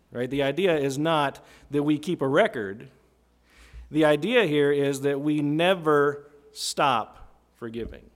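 A man of middle pitch preaching a sermon. He keeps it conversational and checks in with the congregation as he walks through a passage. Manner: conversational, asks listeners questions, tag "right?".

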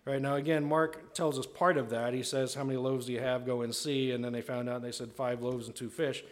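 A man's voice: mid-range voice, little pitch movement, fairly quick. A man preaching a sermon in a conversational way, often asking "right?" and acting out the voices of people he quotes. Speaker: pastor.

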